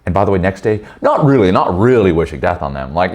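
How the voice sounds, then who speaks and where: Blunt, animated man leading a men's group. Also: low voice, fast talker, hardly any pauses. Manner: blunt, profane, animated storytelling. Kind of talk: candid group talk.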